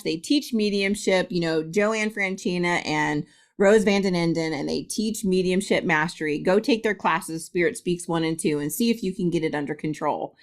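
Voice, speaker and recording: A middle-aged woman from Ohio, a guest medium, telling a story in a casual interview, laughing often and acting out quotes. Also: on the low side.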